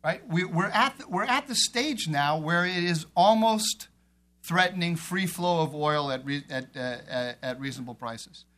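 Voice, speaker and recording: A man's voice: a little high, animated, normal speed, a bit bright. Emphatic male policy panelist. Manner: emphatic, repeats phrases while building an argument.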